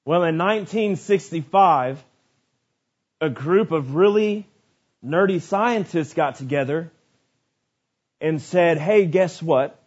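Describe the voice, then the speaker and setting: A man preaching a sermon, dynamic, building to shouts on lists and dropping low for asides. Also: slow pace, pauses often. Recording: dull lo-fi sermon recording.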